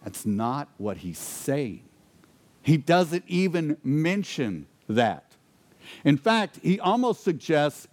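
A man preaches a sermon in a fairly high voice. He asks the congregation rhetorical questions and sinks to a hushed, intense tone to drive points home. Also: sing-song, slow pace. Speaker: pastor.

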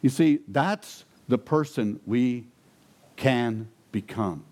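A man's voice: mid-range voice, slow. A man preaching to a congregation, telling a personal story and then building to emphatic questions. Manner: animated, rising to emphatic peaks. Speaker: pastor. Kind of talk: sermon storytelling.

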